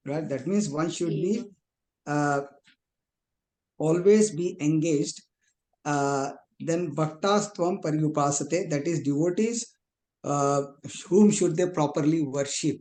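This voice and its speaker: A male student explaining a verse in an online class, halting and often restarting, heard over a video call. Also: fairly high pitch, warm tone. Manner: halting, many pauses and restarts. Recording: echoey room with faint noise.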